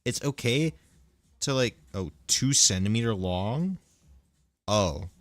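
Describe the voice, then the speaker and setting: A man's voice: lowish voice, expressive, slow. A young man streaming a game, chatting casually in a rambling, joking way and laughing often. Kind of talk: casual chat while gaming.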